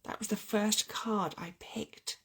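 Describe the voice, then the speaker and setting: A woman's voice: mid-range voice, steady tone, slow, breathy edge. A woman hosting an earnest, heartfelt spiritual chat about love and oracle cards, often restarting her sentences. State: getting weepy. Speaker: spiritual channel host.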